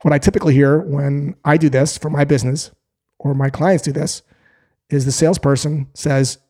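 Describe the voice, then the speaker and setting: A man teaching sales in a calm, direct way, acting out short sample calls. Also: on the high side, moderate pace. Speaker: sales trainer. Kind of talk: instructional talk to camera.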